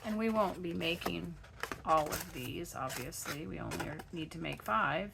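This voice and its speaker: A woman with a froggy, gravelly voice, chatting step by step through a crafting tutorial at her home craft desk. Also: fairly low pitch, moderate pace, very noisy. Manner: chatty step-by-step explaining while working. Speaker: craft channel host.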